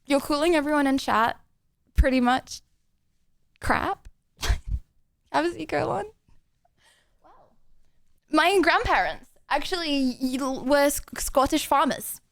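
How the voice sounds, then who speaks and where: Young woman livestreamer, high-pitched, giggles and rambles through casual chat. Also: animated, slow pace, long pauses, dry recording. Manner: giggly, rambling with many fillers.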